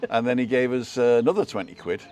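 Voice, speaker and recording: A man's voice: medium pitch, lively intonation, quick pace. A man who co-hosts a live show, telling rambling anecdotes in casual chat and checking in with tag questions.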